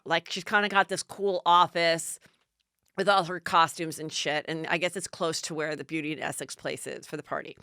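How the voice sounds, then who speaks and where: A woman's voice: fairly low pitch, pushed and bright, smooth, no room sound, clean studio sound. A woman hosting a podcast, recapping TV gossip in a chatty, sarcastic way and swearing freely. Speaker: podcast host.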